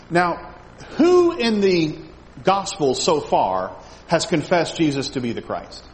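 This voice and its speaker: Reading scripture aloud to a Bible study class, a man speaks slowly in a sing-song voice on the high side. He asks the group questions and repeats words as he thinks, and the hall echoes with faint background noise.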